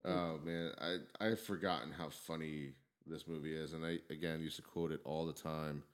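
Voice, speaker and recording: A man with a very low voice co-hosts a podcast. He chats in a laid-back way and swears casually as he recalls favorite scenes. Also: fairly even intonation, moderate pace, clean tone. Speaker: podcast co-host. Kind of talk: casual chat.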